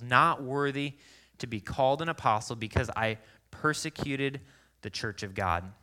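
Bright-voiced man preaching a lively sermon. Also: mid-range voice. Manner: conversational, animated storytelling with acted-out quotes. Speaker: pastor.

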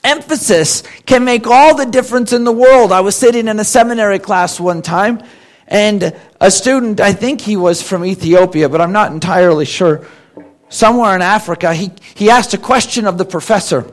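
A man preaching a sermon, reading scripture slowly and explaining it in a conversational way. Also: high-pitched. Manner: reads scripture slowly with rising emphasis, then explains conversationally.

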